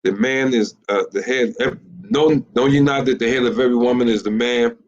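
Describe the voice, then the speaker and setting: A man, teaching in a sermon style, halting and repeating himself, with many fillers and rhetorical questions. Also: mid-range voice. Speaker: teacher of a religious group. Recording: muffled lo-fi recording.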